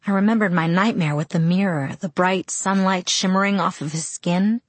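A woman with a slightly low, husky voice narrates a first-person novel. Her reading is quiet, measured and somber. The recording is dry and close to the mic. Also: fairly even intonation, no echo. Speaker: audiobook narrator.

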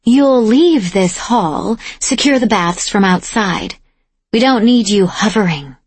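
A man's voice: high-pitched, animated, slow pace, slightly rough, no echo, heavily acted. A woman voicing a scornful, crude young nobleman who sneers and barks orders, in an audiobook. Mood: dismissive.

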